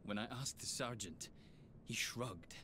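A man's voice: mid-range voice, measured pace, pushed and bright, slight background noise. An actor playing an anxious, guilt-ridden male soldier with a French accent, narrating his diary in a game. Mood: brooding. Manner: brooding, paranoid, guilt-ridden.

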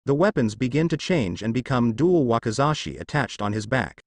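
Lively male story narrator. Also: mid-range voice, moderate pace, few pauses, dry recording. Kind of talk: fan fiction narration.

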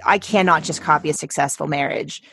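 A woman's voice: deep voice, brisk, fairly bright tone, a little hiss or hum. A woman author guest talking casually in an interview, chatty and emphatic, often restarting her sentences.

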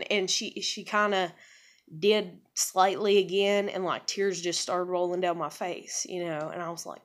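A woman's voice: on the low side, fairly even intonation, measured pace. A woman telling personal stories in a casual vlog. She rambles frankly and swears freely, with many fillers and restarts. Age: adult with a child. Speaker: vlogger.

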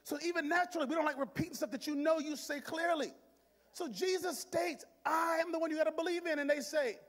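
A middle-aged man pastor preaching a sermon, swinging from shouts to hushed near-whispers and talking straight to his congregation. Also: very high-pitched, fairly quick. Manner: talks directly to the congregation in call-and-response. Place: church sanctuary. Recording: long hall reverb in a church.

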